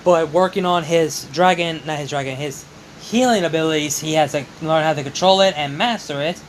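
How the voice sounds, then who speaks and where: Casting: young male narrator, rambling fan storyteller, slightly high voice, faint room hum. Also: fairly quick, poor audio. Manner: rambling, repeats "just", self-corrects. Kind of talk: casual improvised storytelling.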